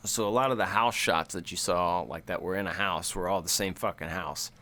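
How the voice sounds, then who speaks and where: A man chats casually on a horror podcast in a fairly low voice. He laughs often and jumps into lively impressions of movie dialogue. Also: a little fast. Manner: laughs often, animated mimicking of movie lines. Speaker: podcast co-host. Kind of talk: casual chat.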